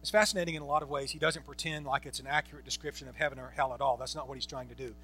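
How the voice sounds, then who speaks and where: A man's voice: mid-range voice, steady tone, racing, sharp tone, slight background noise. A man preaching a Bible-teaching sermon, emphatic, repeating phrases and asking rhetorical questions. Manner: asks the congregation rhetorical questions.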